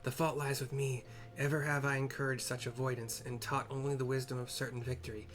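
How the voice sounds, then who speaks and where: A man voicing an earnest male guildmaster who speaks in formal, measured lines. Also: medium pitch, little pitch movement, a bit bright, soft background music, natural voice.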